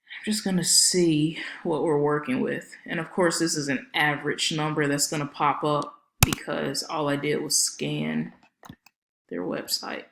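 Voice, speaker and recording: A woman's voice: sits low, a little slow, vocal fry, a bit bright, roomy sound. A woman consultant giving a casual screen-share walkthrough of a website, chatty and friendly with lots of filler ums. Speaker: marketing consultant.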